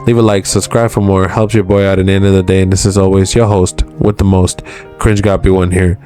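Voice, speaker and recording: A man's voice: deep voice, flat delivery, brisk, mellow, faint music behind. A man hosting a casual manga review, retelling a chapter's dialogue with constant "he's like" tags.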